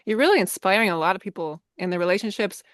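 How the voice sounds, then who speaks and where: A woman guest on a podcast, speaking in a warm, affirming and reflective way with gentle hesitations. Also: medium pitch, animated, quick pace, no room sound, studio quality. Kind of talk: casual conversation.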